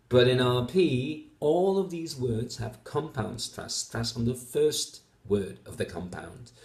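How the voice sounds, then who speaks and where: A Dutch-speaking man, medium in pitch with big pitch swings, a slightly slow pace and a darkish tone, explains test answers as a phonetics teacher. He is methodical, using many fillers and repeating example words, in an echoey room.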